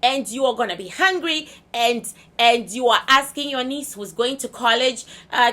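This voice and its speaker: A woman from Zimbabwe talking to her viewers in a casual, rambling monologue, candid and crude, swinging between loud and laughing. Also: fairly high pitch, moderate pace, hardly any pauses. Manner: blunt, candid storytelling with crude language. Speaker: vlogger.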